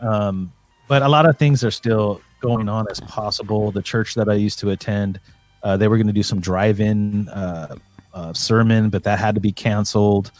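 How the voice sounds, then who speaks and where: A man's voice: lowish voice, steady tone, normal speed, darkish tone, faint music behind. A man calling in from home as a guest, talking in a rambling, earnest way with many fillers and restarts. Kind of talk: casual call-in chat.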